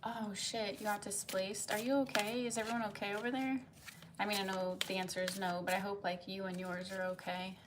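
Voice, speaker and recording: A woman's voice: mid-range voice, flat delivery, a little fast, noisy background. A woman reading tarot live for viewers. She chats casually, rambles, and fills her talk with "like" and "um" as she answers comments. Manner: chatty and rambling, heavy use of "like" and "um"; reads viewers' comments aloud and answers them. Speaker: tarot reader on a live stream.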